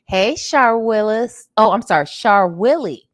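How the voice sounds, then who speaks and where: A slightly hoarse woman hosting a casual late-night livestream, chatty and greeting viewers by name, calling them honey. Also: medium pitch, lively intonation, measured pace. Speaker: livestream host.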